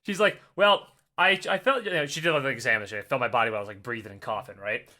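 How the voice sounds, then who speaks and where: A man in his thirties telling a long story in casual podcast chat, swearing and laughing as he goes, his voice still hoarse and cracking. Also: mid-range voice, very fast, bright, forceful tone. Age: 30s. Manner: rambling storyteller, laughs often, swears freely. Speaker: podcast co-host.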